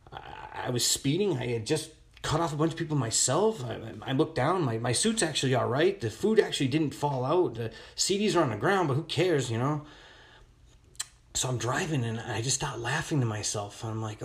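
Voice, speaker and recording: A man telling a long personal story in a casual voice message, rambling with many restarts. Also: medium pitch.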